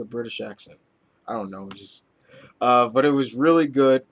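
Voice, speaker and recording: A man's voice: mid-range voice, moderate pace. A man reviewing comic books in a loose, rambling chat full of fillers and casual swearing.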